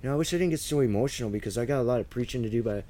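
A man's voice: mid-range voice, rapid-fire, mellow, a little hiss or hum. A man teaching the Bible verse by verse in fervent, conversational preaching, at times choked up with emotion.

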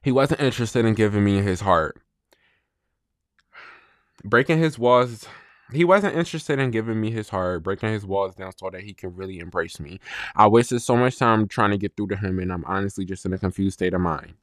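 A man hosting his own podcast, speaking bluntly and with profanity in a slow, reflective solo monologue about a breakup. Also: fairly low pitch, dry recording, studio quality. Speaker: podcast host.

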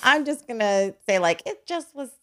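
A woman's voice: a little high, normal speed. A woman hosting a casual podcast chat as an adoptive mother, telling stories animatedly, acting out quotes and laughing often. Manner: animated storyteller who acts out quotes in exaggerated voices and laughs often. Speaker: podcast host.

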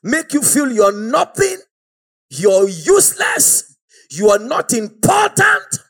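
A man preaching a fiery, exhorting sermon and often shouting out to the congregation. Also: very high voice, huge pitch swings, slow, vocal fry, slightly rough.

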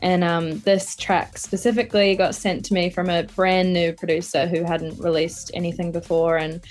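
A woman musician with a New Zealand accent, chatty and quick to laugh, joining a radio interview over a video call. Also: on the low side, level tone, soft background music. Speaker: musician guest. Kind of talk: remote radio interview chat.

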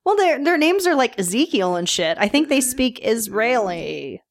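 A woman co-hosting a podcast in casual chat, playful and quick to laugh. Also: a little high, big pitch swings. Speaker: podcast co-host.

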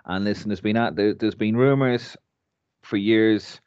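A deep-voiced Irish man giving blunt, opinionated takes on a casual podcast and swearing freely. His voice is dry and close, with a slightly dull, muffled tone. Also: unhurried, a little mellow, clean tone, no echo. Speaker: podcast co-host.

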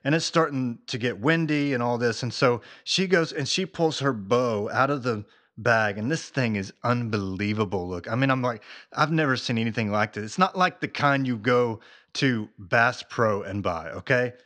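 A man hosting a faith talk, telling a story in a lively, conversational way with casual fillers. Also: mid-range voice, normal speed. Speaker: faith podcast host.

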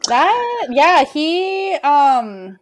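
A woman from the United States co-hosting a casual astrology podcast, chatty and quick to laugh. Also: sits high, sing-song. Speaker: podcast co-host.

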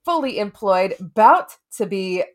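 A woman's voice: medium pitch, animated, a little slow. A woman co-hosting a casual podcast, playful and rambling, swearing for emphasis. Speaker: podcast co-host.

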